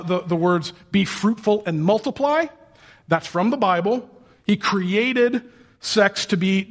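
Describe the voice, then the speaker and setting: A man preaching a sermon in a lively, joking way, with playful shouted and sung asides. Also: sits high. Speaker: pastor.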